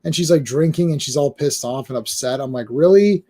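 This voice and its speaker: A man's voice: mid-range voice, fairly quick, dark tone, breathy edge. A man hosting a comics podcast in casual chat, rambling along while he reads, often stammering and repeating words as he thinks aloud.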